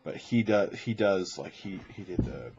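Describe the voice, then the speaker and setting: A man hosting a podcast in casual chat, talking in a chatty, playful way and sometimes slipping into quick impressions. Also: sits low, lively intonation, highs cut off, noisy background. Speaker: podcast host.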